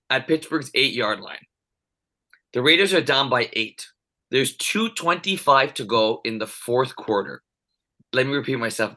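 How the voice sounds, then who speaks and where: A man's voice: mid-range voice, sharp tone. A man co-hosting a casual sports talk show, ranting with heated, emphatic repetition. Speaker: podcast co-host.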